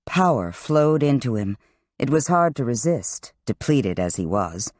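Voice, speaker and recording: Expressive fantasy audiobook narrator; animated pitch, dry booth sound. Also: unhurried, no echo.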